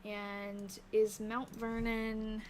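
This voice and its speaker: A woman's voice: on the high side, completely flat delivery, extremely slow, a little hiss or hum. Tired woman chatting on a live stream. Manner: thinking aloud, reads snippets, chats to viewers. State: tired, yawning. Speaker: live-stream host researching old diaries. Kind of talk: casual live-stream chat while reading aloud.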